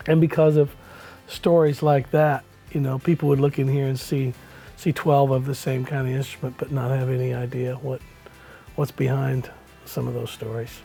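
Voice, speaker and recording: An older man, telling stories in a relaxed, folksy way as an interview guest. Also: mid-range voice, normal speed, gravelly, soft background music. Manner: relaxed storyteller, folksy with many "you know"s. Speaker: country musician, interview guest. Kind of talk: storytelling in a casual interview.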